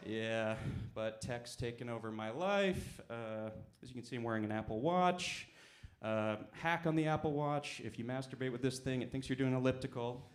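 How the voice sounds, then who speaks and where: A young man performing a stand-up set at a comedy club, with deadpan, self-mocking asides. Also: mid-range voice, moderate pace, hardly any pauses. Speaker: stand-up comic.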